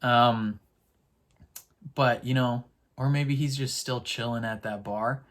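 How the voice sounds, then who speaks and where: A man's voice: medium pitch, steady tone, takes it slowly, a bit bright. A man casually recapping a TV episode in a rambling, chatty way, full of fillers. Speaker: TV episode reactor.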